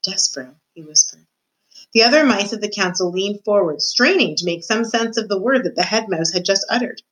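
A woman's voice: medium pitch, animated, brisk, fairly bright tone, low-quality recording. Woman reading a novel aloud. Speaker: student reader.

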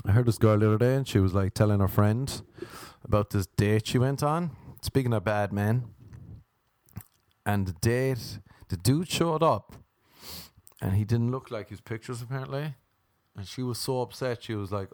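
A man's voice: on the low side, lively intonation, a little slow, darkish tone, no echo, studio quality. A man with an Irish accent telling a rambling, profane comic story. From Ireland. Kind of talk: comic monologue.

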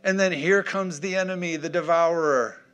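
A man's voice: a little high, steady tone, moderate pace, a bit bright, smooth, faint music behind. Emphatic man preaching a sermon. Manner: emphatic, punchy, call-and-response. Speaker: pastor.

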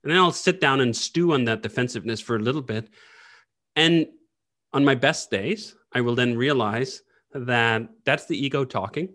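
A man talking as an interview guest in casual conversation, animated and blunt, swearing freely. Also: mid-range voice, moderate pace.

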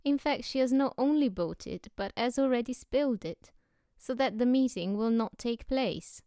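A woman reading the lines of a mysterious foreign male professor, grave and courteous in an unhurried way. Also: fairly high pitch, dark tone, no echo, clean studio sound, pitched above the performer's own voice, lightly acted. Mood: composed.

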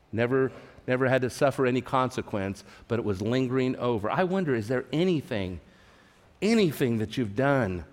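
A man from California preaching a sermon at a church service, earnest, repeating his words and asking the listeners questions. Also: medium pitch. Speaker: pastor. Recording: long hall reverb.

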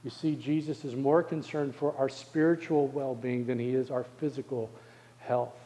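A male pastor preaching a sermon, asking the congregation rhetorical questions and slowing down to stress key phrases. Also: mid-range voice, fairly even intonation, mellow, long reverb tail.

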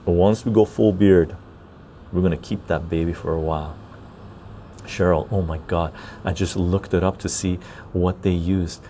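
Deep gravelly-voiced man, easygoing chat. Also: fairly even intonation, moderate pace, mellow, slight background noise. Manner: easygoing, chatty, tags sentences with "right?". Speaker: podcast host. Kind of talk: casual chat while reading live chat. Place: outdoor patio garden.

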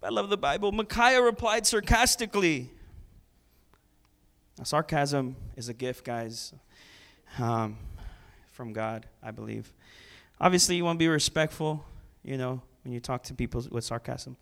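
A man preaching a sermon in an animated, conversational way, with sarcastic asides and repeated words. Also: mid-range voice, a little slow, vocal fry.

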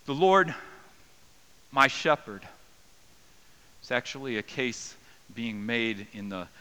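A man preaching a sermon as a pastor, earnest and dynamic, rising to raised cries and dropping to soft, slow passages. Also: lowish voice, poor audio.

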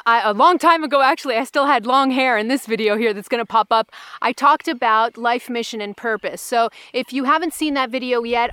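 A woman's voice: a little high, fairly bright tone, clear, resonant tone, no room sound, clean studio sound. A woman spiritual coach speaking to camera on a mountaintop, bubbly and enthusiastic, a little out of breath from the climb. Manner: bubbly, enthusiastic, addresses viewers directly. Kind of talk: outdoor vlog, then spiritual teaching to camera. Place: mountaintop outdoors.

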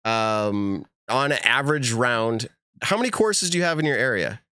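A man's voice: medium pitch, expressive, normal speed, pushed and bright, clear, resonant tone, no room sound, clean studio sound. A man hosting a casual show, asking questions and rambling jokily. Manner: chatty, rambling, jokey. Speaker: podcast host. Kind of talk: casual interview chat.

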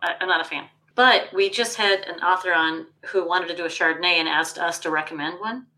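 A woman's voice: on the low side, steady tone, brisk, pushed and bright, rough recording. A woman co-hosting a podcast in casual chat, talkative and full of fillers like "um" and "like". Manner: chatty, lots of fillers like "um" and "like". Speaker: podcast co-host.

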